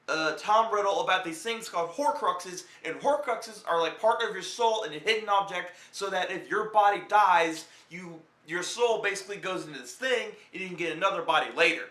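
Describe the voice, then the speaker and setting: A man's voice: sits high, pushed and bright, roomy sound. A young man giving a rambling, profane, joking film review as a vlog host.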